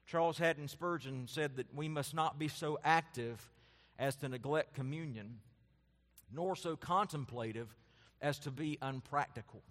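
A man preaching a sermon as a pastor, building his points in rising, emphatic lists and then dropping his voice to soft, quiet asides. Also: fairly high pitch, measured pace, long reverb tail.

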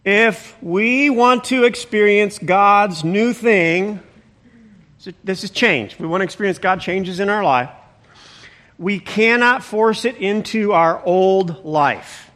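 Guy preaching, high bright voice, chatty and animated, lots of little exclamations. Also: slow pace. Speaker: pastor. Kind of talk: sermon.

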